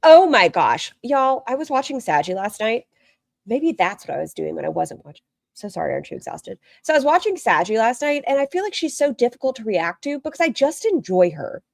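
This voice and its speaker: A woman's voice: fairly high pitch, very animated, fairly quick, vocal fry, no echo, clean studio sound. A woman streamer giving casual, rambling reaction commentary and talking straight to her chat. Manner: chatty, rambling, talks to chat directly.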